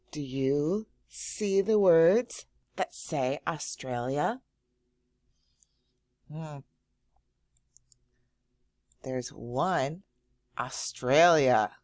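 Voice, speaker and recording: A woman teacher giving a slow, encouraging lesson to young children, drawing out words and praising often. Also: low voice, no echo, clean studio sound. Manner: drawn-out words, frequent praise and thinking hums.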